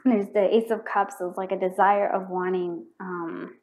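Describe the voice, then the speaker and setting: A woman's voice: mid-range voice, level tone, normal speed, a little mellow, poor audio. Chatty woman tarot reader, rambling. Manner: chatty and rambling, full of "like" and restarts; murmurs repeated questions while drawing cards. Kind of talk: pick-a-card tarot reading to camera.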